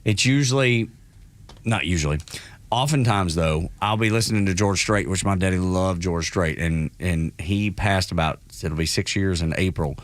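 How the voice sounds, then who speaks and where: A man's voice: deep voice, normal speed, no echo. A man hosting a radio morning show in casual, emotional banter. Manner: chatty, emotional, laughs easily. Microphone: studio microphone.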